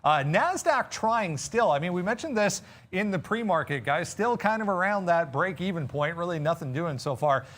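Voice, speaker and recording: A man co-hosting a trading show, walking through the markets in a measured, methodical rundown. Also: sits high, lively intonation, fairly bright tone. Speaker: market analyst co-host. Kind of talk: market recap commentary.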